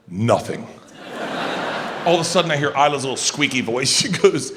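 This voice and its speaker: A man in his fifties from Florida telling a loud, profane story on stage as a stand-up comedian. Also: medium pitch, animated, a little fast, pauses often. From Florida, USA. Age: 50s. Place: large arena on stage. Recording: arena reverb with crowd noise.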